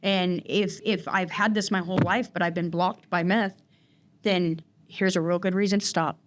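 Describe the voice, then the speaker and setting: A woman's voice: fairly low pitch, steady tone, normal speed, background noise. A woman recounting her personal story in an interview, talking in a rambling way with many fillers and restarts. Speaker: guest in recovery.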